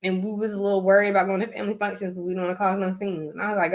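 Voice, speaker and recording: A woman's voice: medium pitch, little pitch movement, racing, hardly any pauses. Candid woman in her thirties venting to viewers. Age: 30s. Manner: candid, emphatic, with frequent "like" and laughter. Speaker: vlogger talking to her viewers. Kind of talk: casual heartfelt chat to viewers.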